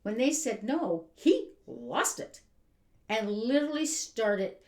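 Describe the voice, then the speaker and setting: A woman's voice: a little high, big pitch swings, takes it slowly, a little mellow. A woman giving an exasperated, emphatic rant as a vlogger. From Canada. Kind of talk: ranting commentary. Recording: roomy echo.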